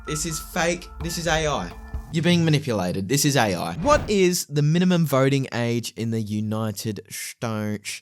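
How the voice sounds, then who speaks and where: Playful man with a lively voice. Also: a little high. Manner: playful, mock-boastful, jokes while thinking aloud. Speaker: comedy video host. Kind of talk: comedic quiz vlog.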